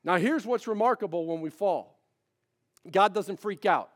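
Pastor in his fifties, conversational preaching, fairly high voice. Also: a little slow. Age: 50s. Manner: folksy, conversational preaching with repeated refrains. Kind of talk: sermon.

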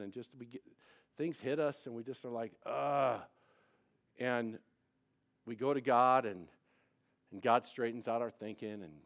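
A pastor with a mid-range voice delivers a live sermon to his church congregation. He alternates between loud, emphatic preaching and hushed, confiding asides, frequently restarting and repeating words.

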